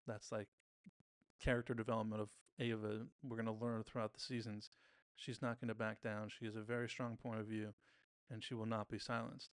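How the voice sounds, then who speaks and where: Gravelly man casually recapping a show. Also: on the low side, no echo, studio quality. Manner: chatty, retells scenes by briefly mimicking characters' lines. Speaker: podcast host recapping a TV episode. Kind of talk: casual episode recap commentary.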